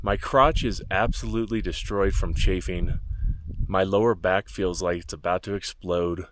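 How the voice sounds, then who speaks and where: A man narrating his long-distance hike in a dry, deadpan vlog style, delivering jokes flatly. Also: deep voice, moderate pace, a little hiss or hum. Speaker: hiking vlogger. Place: outdoors on a mountain trail.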